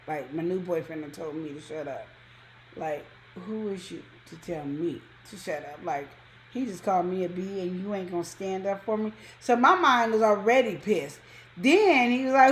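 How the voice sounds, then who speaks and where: Animated woman telling a heated story. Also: moderate pace. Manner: animated, acts out quotes with big pitch jumps. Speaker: co-host. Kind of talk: casual storytelling chat.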